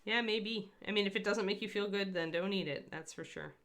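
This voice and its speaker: A woman's voice: mid-range voice, fairly quick, a bit bright. A woman hosting a casual painting demonstration, chatty and rambling as she answers viewers in a live chat. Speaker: miniature painter hosting a livestream.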